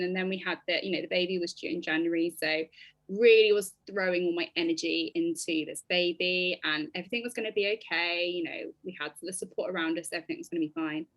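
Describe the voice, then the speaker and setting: Expressive woman, dry recording. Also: lowish voice, no echo. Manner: animated, expressive storytelling with many fillers. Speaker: podcast guest. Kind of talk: personal storytelling interview.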